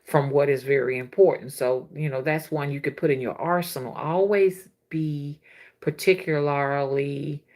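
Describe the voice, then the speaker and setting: A woman's voice: deep voice, unhurried. A woman, hosting a casual livestream as a spiritual reader and chatting with viewers. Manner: chatty, laughs often, slangy and animated.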